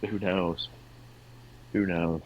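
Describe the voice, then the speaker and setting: A man's voice: deep voice, steady tone, extremely slow, highs cut off, slight background noise. A man co-hosting a casual podcast chat, joking around and slipping into goofy put-on accents. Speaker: podcast co-host.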